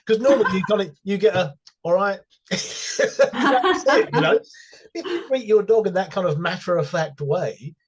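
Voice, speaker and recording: A man's voice: high voice, animated, normal speed, breathy edge. A man who works with dog owners, chatting casually and telling amused anecdotes with laughter. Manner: storytelling, amused, laughs at his own anecdotes. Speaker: dog behaviour professional. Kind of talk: casual conversational chat.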